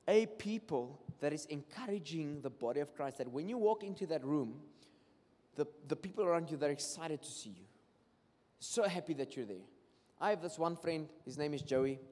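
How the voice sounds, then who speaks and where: A man with a South African accent preaching a sermon, telling stories and acting out what people say. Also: a little high. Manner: switches between English and Afrikaans, animated storytelling with acted-out quotes. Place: church hall. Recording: long hall reverb.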